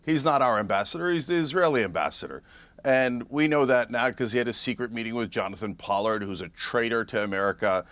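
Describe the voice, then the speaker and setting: A man's voice: medium pitch, fast, no room sound. Guy arguing on a tv panel, combative, pushes hard, dry mic. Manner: forceful, combative. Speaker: panel guest, commentator. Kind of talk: heated TV debate.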